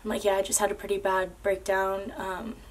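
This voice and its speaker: A woman's voice: mid-range voice, flat delivery, fairly quick. A young woman earnestly telling a personal story to camera, casual and full of "like" and "um". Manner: earnest, with many fillers like "like" and "um".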